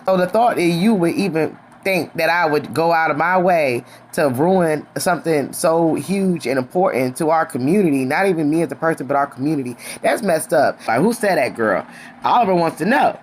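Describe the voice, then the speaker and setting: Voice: mid-range voice, expressive, normal speed, a little hiss or hum. A reality show reviewer recapping an episode in a sassy, chatty way, calling listeners honey and girl.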